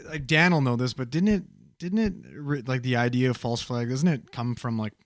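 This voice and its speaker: A man's voice: medium pitch, moderate pace, no echo. Joking, swearing male podcast co-host. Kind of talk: casual podcast chat.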